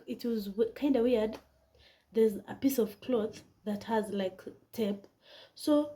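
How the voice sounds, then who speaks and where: A woman telling a personal story in a casual vlog, animated and dramatic, often dropping into a whisper. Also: on the high side. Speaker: vlogger.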